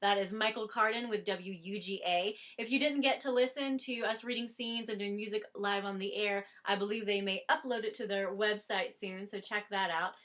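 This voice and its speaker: Woman, Southern US accent, co-host, casual webcast chat, bright voice, upbeat. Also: medium pitch, steady tone, moderate pace, hardly any pauses. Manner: chatty, upbeat, with thank-yous and laughs. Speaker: theater company co-host.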